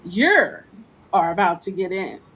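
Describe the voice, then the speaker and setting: A woman's voice: lowish voice, big pitch swings, unhurried, fairly bright tone, slightly rough, rough recording. A woman hosting a talk show, asking questions in a playful, encouraging way. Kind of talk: casual interview chat.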